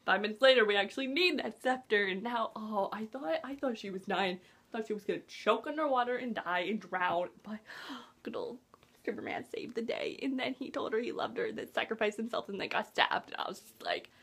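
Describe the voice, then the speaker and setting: A woman with a slightly high voice, chatting casually as she reviews a movie for her vlog. She talks in an excitable rush, gasping now and then and dropping into whispers, with lots of "like" fillers. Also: fairly quick, gravelly, slightly rough. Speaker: movie vlogger.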